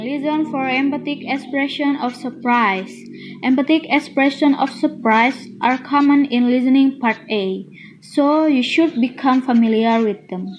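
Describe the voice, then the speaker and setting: Slow, high-voiced young woman. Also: a little hiss or hum, poor audio. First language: Indonesian. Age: young adult. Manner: unhurried, with frequent hesitations. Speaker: student presenter. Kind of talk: reading out a study-guide analysis.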